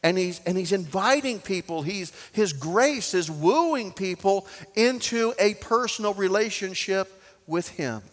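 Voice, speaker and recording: A man preaching a sermon as pastor, swinging from loud to soft. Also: high voice, lively intonation, a little slow, in a large hall.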